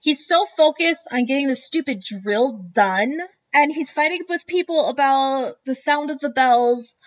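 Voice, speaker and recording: A woman's voice: high-pitched, a little slow. A woman co-hosting a podcast, talking bluntly and emphatically in casual chat. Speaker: podcast co-host. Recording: dull lo-fi sound.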